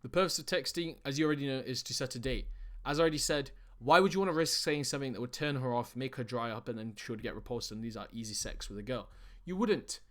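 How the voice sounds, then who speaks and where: A man's voice: medium pitch, quick pace, fairly bright tone. A young man presenting as a dating coach in an online lesson, talking bluntly with heavy profanity and calling his viewers guys and bro.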